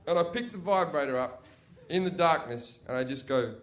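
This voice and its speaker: A man doing a crude, swearing stand-up routine as an animated storyteller. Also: on the high side, normal speed, slight background noise. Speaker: stand-up comedian.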